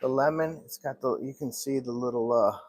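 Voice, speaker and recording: A man who runs a gelato shop, chatting casually on a live stream as he works and often clearing his throat. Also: medium pitch, fairly quick, darkish tone. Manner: chatty, talks to himself while working, clears throat often. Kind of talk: casual live-stream chat while working. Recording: clear background noise with clicks.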